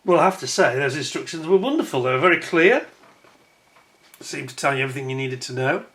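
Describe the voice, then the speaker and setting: A man's voice: medium pitch, lively intonation, quick pace, a bit bright. A man giving a casual hands-on review of a scale model kit, chatty and admiring, with wry self-mocking asides.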